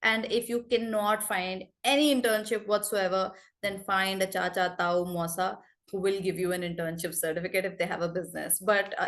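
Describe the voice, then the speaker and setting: Emphatic Indian woman coaching a class. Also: medium pitch. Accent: Indian English. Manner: emphatic, slows down to model clear speech. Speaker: corporate trainer.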